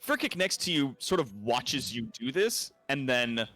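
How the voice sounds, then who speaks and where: A man narrating a tabletop role-playing game as game master, often pausing on fillers. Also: medium pitch. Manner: lively, hesitant with fillers.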